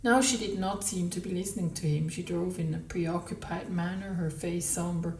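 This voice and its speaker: A woman reading a novel aloud in measured narration, then commenting on it haltingly as a book podcaster. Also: lowish voice, steady tone, a little mellow, recorded from a distance. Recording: roomy, from the mic.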